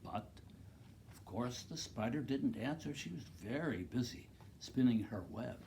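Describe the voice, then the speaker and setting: A man reads a picture book aloud to a class of young children. His pitch rises and falls in a lively, sing-song way, and he takes his time. He turns aside to talk to the kids about the pictures. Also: measured pace, vocal fry, slight background noise. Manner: expressive, makes loud animal noises; speaks to the children directly, points out pictures. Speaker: teacher reading to second graders.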